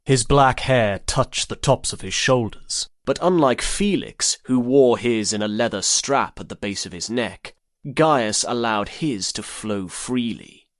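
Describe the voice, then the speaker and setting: A man reading a first-person story as an audiobook narrator, in a measured, even way. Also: medium pitch, dry recording, clean studio sound.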